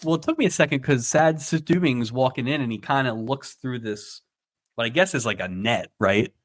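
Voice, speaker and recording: A man's voice: medium pitch, moderate pace, no echo, clean studio sound. A man co-hosting a podcast, recapping an old TV episode in casual chat and laughing often. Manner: laughs often, narrates plot beats. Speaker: podcast co-host.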